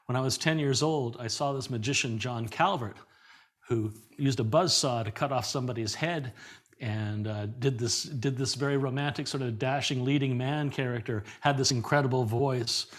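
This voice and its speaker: A middle-aged man, a guest performer on a podcast, speaks at a normal pace in a mid-pitched voice while sharing stories in an interview. His delivery is animated and loose, full of repeated words and frequent laughter.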